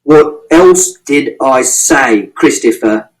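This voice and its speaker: A man's voice: huge pitch swings, normal speed, low-quality recording. A man voicing a stern, volatile middle-aged father who swears and grows furious, in an audiobook reading. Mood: angry. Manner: low, tight, swearing, fury building from a quiet start.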